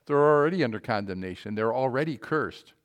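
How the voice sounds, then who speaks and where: Guy preaching a sermon, punchy and emphatic, middle pitch, gets loud then drops quiet. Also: expressive, fairly quick.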